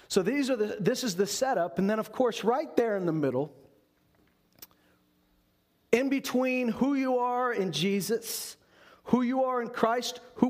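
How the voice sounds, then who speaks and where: A man with a high-pitched voice preaches a sermon. He speaks earnestly as a pastor and poses rhetorical questions to the congregation.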